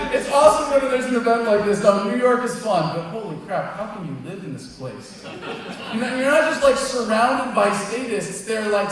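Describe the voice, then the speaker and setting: A man in his thirties giving a blunt, emphatic speech to a live crowd as an activist speaker, heard from far off. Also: high voice. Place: large event space with crowd. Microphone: distant mic, recorded from far off. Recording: echoey hall, far from the mic.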